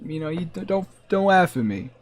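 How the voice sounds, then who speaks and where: A man's voice: fairly high pitch, expressive, a little fast. A man streaming a game live, chatting in a joking, rambling, self-mocking way at a desk microphone. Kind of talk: casual live gameplay commentary.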